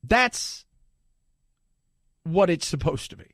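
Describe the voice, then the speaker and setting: A man hosting a talk radio show, animated and sarcastic, pushing his pitch up and down for emphasis. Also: a little slow, pauses often, no echo, studio quality. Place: radio studio. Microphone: studio microphone.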